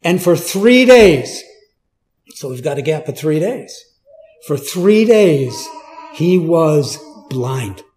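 Unhurried preacher with a raised voice. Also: male voice, on the high side, very animated, a little mellow. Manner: conversational, asks the listeners questions, stresses repeated words. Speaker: preacher teaching a Bible passage. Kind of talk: Bible teaching sermon.

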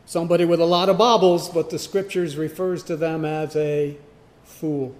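A man preaching a sermon, emphatic, swinging from loud declarations to hushed asides. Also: on the high side, fairly even intonation, normal speed. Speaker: pastor.

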